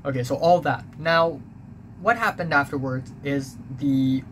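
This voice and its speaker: A young man with a fairly high voice recounts his school days in a rambling, confessional monologue, stumbling over restarts and fillers. A steady hum of background noise sits under him. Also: a little slow. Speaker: vlogger. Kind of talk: personal storytelling monologue.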